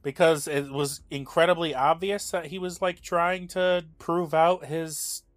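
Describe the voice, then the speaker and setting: A man's voice: fairly high pitch, fairly even intonation, unhurried, no echo. A man co-hosting a podcast, chatting in a laid-back, hesitant way with lots of filler words. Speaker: podcast co-host. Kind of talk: casual chat.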